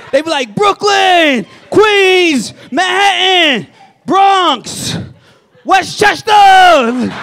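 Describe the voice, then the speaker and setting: A man's voice: very high-pitched, a bit bright, a little hiss or hum. A man doing a stand-up comedy set on a club stage into a handheld mic, telling loose, profane stories with punchy asides to the crowd. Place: comedy club stage before a live audience.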